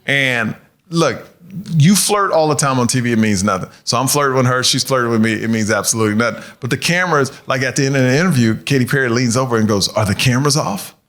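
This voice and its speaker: A man performing a stand-up comedy set on stage, animated and playful, slipping into voices for the people in his stories. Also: medium pitch, fast, a little hiss or hum. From United States. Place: comedy club stage before a live audience.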